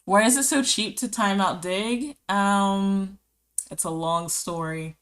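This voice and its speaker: Woman streamer, bright voice, loose chatty delivery, reads chat out, giggly. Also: medium pitch, takes it slowly. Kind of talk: casual live-stream chat.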